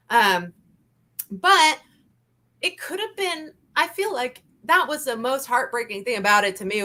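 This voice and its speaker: A woman hosting a casual review chat, talking in an animated, emphatic way and repeating her points. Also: sits high. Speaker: channel host.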